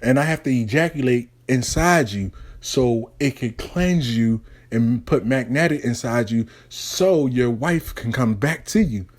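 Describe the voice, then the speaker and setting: A man voicing a calm, smooth-talking male root worker who speaks slowly and soothingly. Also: mid-range voice. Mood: coaxing.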